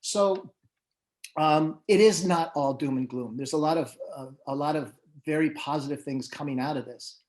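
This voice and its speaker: A man's voice: on the high side, normal speed, darkish tone. A man who manages musicians, moderating a panel and telling anecdotes in a loose, conversational way with many fillers and restarts. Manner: storytelling, with frequent fillers and restarts.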